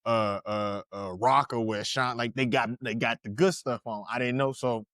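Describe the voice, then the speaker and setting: Animated man telling stories. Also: mid-range voice, moderate pace, dry recording, clean studio sound. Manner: animated storytelling with slang, laughs and restarts. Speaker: podcast co-host. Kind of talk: casual podcast chat.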